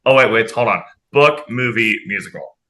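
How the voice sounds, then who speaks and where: A man co-hosting a podcast in casual chat, rambling and animated, laughing often. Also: lowish voice, normal speed, poor audio. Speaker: podcast co-host.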